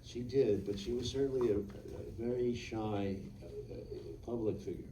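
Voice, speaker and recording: A film director talking at a live Q&A in a cinema, halting and full of fillers and restarts. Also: male voice, mid-range voice, warm tone, distant mic, a little hiss or hum, rough recording. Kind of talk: on-stage Q&A.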